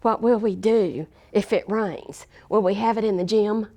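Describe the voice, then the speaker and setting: A man's voice: high voice, a little slow, warm tone. Fretful sweaty school principal, told by a woman. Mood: worried. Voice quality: fretful, repeating questions.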